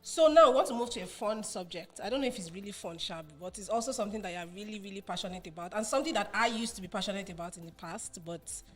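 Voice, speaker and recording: A woman's voice: medium pitch, quick pace, few pauses. A young woman from Nigeria hosting a podcast and interviewing her mother, laughing often and restarting her sentences. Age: young adult. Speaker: podcast host.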